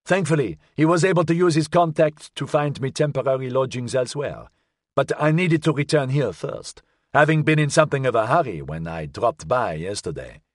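A man's voice: mid-range voice, expressive, normal speed, dry recording, studio quality, natural voice. A man voicing a big, jovial man who enjoys the attention, in an audiobook. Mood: cheerful. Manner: cheerful and self-satisfied.

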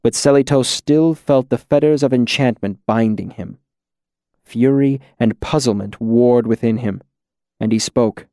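Male audiobook narrator, unhurried and even, mid-pitched, dry studio sound. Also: no room sound. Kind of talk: scripted fantasy narration.

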